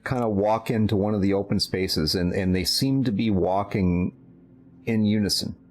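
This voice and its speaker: A man narrating a tabletop role-playing game as game master, in a slow, measured way with small hesitations. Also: on the low side, darkish tone.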